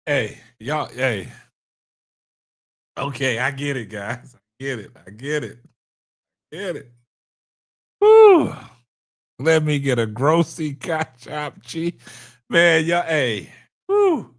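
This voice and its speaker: This livestream host has a mid-range, fairly bright voice. He's laughing to tears and whooping as he tosses casual remarks to his chat.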